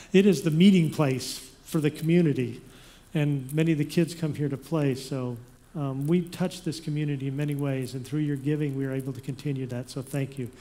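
A man's voice: a little high, fairly even intonation, moderate pace. A man pastor speaking casually to his congregation, giving thanks and leading a prayer. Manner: plain conversational talk, shifting to loud dramatic reading. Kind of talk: church announcements and scripture reading. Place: church sanctuary.

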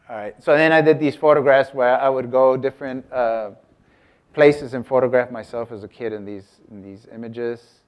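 A man's voice: mid-range voice, steady tone, moderate pace. Man, artist talk, casual, rambling, self-interrupting, asks the room questions. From United States. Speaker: visiting artist giving a talk.

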